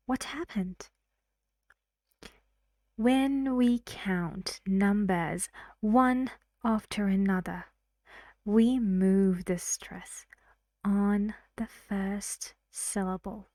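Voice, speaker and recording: A woman teaching English pronunciation in a recorded lesson, speaking carefully and often dropping to a soft whisper. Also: medium pitch, very slow, long pauses, no echo.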